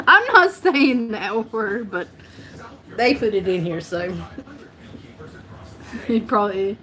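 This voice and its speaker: A woman's voice: a little high, animated, drawn-out words, long pauses, bright, forceful tone. Chatty woman, laughing often. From North Carolina. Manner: rambling, laughs often, self-correcting. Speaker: livestream host. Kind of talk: casual live-stream chat.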